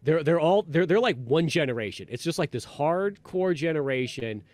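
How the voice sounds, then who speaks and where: A man's voice: on the high side, expressive, normal speed, darkish tone. Rambling man telling a story. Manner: rambling, heavy on fillers and restarts. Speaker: podcast host. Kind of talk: casual storytelling chat.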